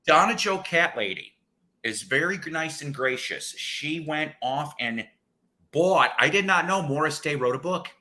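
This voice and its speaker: A man hosting a casual radio show, excitable and profane, laughing often and slipping into impressions. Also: on the high side, unhurried. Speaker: radio host and record collector. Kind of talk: casual chat. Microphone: studio mics.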